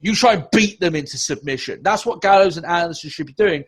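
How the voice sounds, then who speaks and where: Ranting podcast host, lively pitch. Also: male voice, quick pace, breathy edge. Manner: ranting, sweary, sarcastic. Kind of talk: casual podcast chat.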